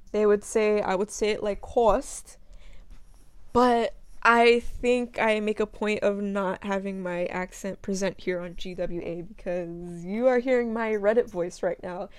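A woman's voice: medium pitch, measured pace. Young adult woman from the US, casual Q&A monologue, chatty and slangy, phone memo recording. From from the United States. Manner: chatty, slangy, lots of fillers and laughs. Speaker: audio performer answering listener questions. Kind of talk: casual monologue answering questions.

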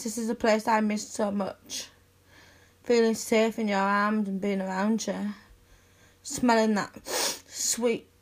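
A young woman speaks in a one-sided audio role-play to the listener as her best friend. Her delivery is slow and tender, at a medium pitch. She keeps it close and affectionate, with soft sighs and giggles.

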